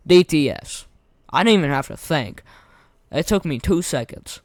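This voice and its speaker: A young man giving casual, rambling gameplay commentary, his voice going hoarse, slangy and repeating himself. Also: mid-range voice, dry recording. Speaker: gaming content creator.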